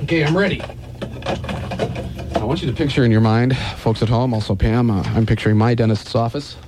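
A man hosting a radio morning show, telling long jokes and slipping into quick character voices. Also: medium pitch, background noise.

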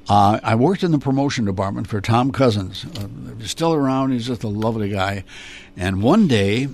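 An older man with a gravelly voice tells stories from his years in live children's television. He slips into put-on voices and laughs as he goes. His words sit over a faint hum of background noise. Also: fairly low pitch, normal speed. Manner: animated storyteller, slips into character voices and laughs often. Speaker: interview guest, former children's TV performer. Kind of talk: reminiscing interview.

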